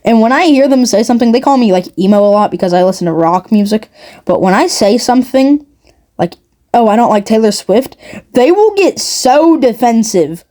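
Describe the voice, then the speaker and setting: Woman ranting sarcastically, kinda high voice, mellow tone. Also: lively intonation, brisk. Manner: sarcastic, mocking, rambling. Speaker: commentary youtuber. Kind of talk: ranting commentary.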